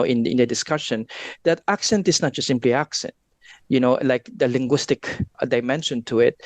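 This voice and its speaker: A man's voice: medium pitch, no echo. A man being interviewed as a guest researcher, explaining at length in a casual, discursive way with frequent asides.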